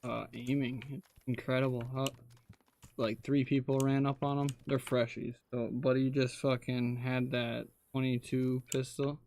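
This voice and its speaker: A man's voice: mid-range voice, little pitch movement, measured pace, darkish tone. Swearing man telling game stories. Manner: loose storytelling, heavy swearing. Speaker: gamer in a voice chat. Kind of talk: casual gaming chat.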